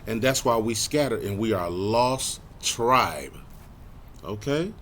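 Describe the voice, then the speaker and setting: Low-voiced man teaching scripture, animated. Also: a little hiss or hum. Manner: slows right down to read scripture aloud; lively pitch jumps with soft trailing tag words. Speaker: Bible teacher. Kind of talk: Bible study lesson.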